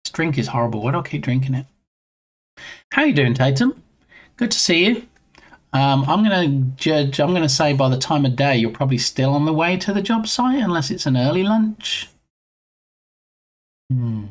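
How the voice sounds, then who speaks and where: A man's voice: on the high side, expressive, fairly quick. A man streaming live and chatting casually with his viewers in a rambling way, greeting them by name.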